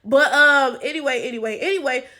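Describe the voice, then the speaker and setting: Woman, high-pitched, casual reaction commentary, profane, joking, rambling. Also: brisk, bright, forceful tone. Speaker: channel host.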